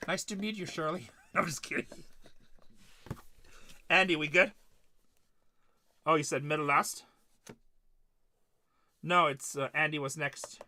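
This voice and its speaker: A middle-aged man hosts a live card break, joking around and ribbing his viewers one by one. His voice sits a little high and comes across bright and punchy. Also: steady tone, measured pace, pauses often. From Texas. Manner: joking, trash-talking, teasing viewers by name. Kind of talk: live stream casual chat while opening cards.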